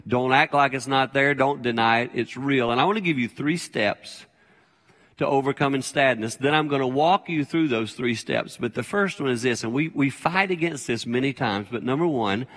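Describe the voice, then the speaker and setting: A man's voice: medium pitch, normal speed, fairly bright tone. An older man preaching a sermon as a pastor, conversational and plain-spoken, repeating his key phrases. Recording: long hall reverb.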